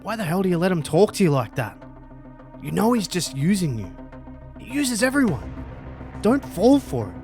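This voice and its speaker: A man's voice: high voice, very animated, normal speed, pauses often, darkish tone, faint music behind. A man voicing a brash, angry male brawler who speaks bluntly and with scorn. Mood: scornful.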